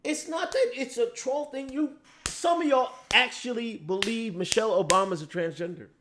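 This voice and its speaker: A man's voice: extremely high pitch, moderate pace, fairly bright tone, slight background noise. A man hosting a casual livestream, ranting and talking back to his chat with lots of profanity. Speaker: livestream host.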